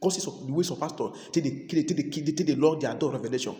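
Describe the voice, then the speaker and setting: Nigerian man preaching, rapid repetitive delivery, mellow fairly high voice, long hall reverb. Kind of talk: sermon in Pidgin.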